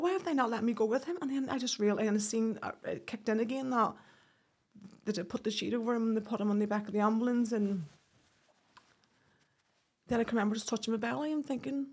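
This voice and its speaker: Woman, husky breathy voice, halting emotional account, podcast guest. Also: mid-range voice, a little mellow. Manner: halting, with restarts and quoted speech.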